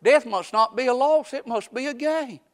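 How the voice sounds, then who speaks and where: A man preaching a folksy sermon that swings from quiet talk up to shouting. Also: very high voice, moderate pace.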